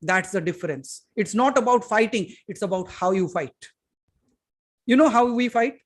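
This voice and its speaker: A man with an Indian English accent giving a spiritual satsang talk, emphatic, moving from loud to hushed and putting questions straight to his listeners. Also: high-pitched, expressive, moderate pace. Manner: addresses listeners directly with questions. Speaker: spiritual teacher. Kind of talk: satsang talk to a live audience.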